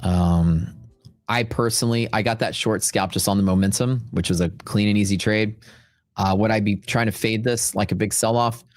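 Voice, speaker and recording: A Texan man hosts a trading livestream in a loose, rambling chat. His voice sits low and close on a dry mic, and faint music runs quietly in the background. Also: fairly even intonation, moderate pace, dry recording. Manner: rambling, chatty, with frequent fillers and asides.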